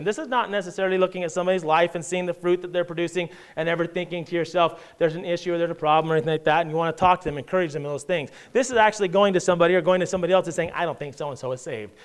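A man's voice: on the high side, smooth. A middle-aged man preaching a sermon, reading scripture aloud and building intensity as he speaks. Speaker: pastor.

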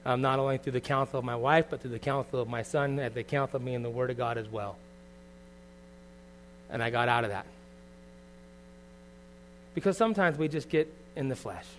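A middle-aged man preaching a sermon as pastor, earnest and confessional, moving from quiet reflection to loud bursts. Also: medium pitch, brisk, pauses often, slight background noise.

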